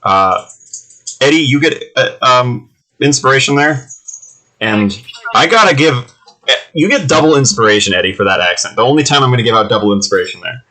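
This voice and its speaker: A man running a tabletop game as game master, easygoing and chatty, often laughing and filling pauses with "uh" and "um". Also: medium pitch, lively intonation, bright, forceful tone, poor audio. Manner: easygoing, laughing, filler-heavy. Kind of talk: casual tabletop game narration.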